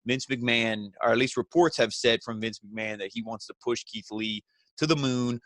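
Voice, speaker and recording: A man giving a casual, rambling recap of a wrestling show, filling pauses with "you know" and acting out what people said. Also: mid-range voice, steady tone, fairly bright tone, no room sound, studio quality. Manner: rambling, lots of "you know", acts out quoted lines.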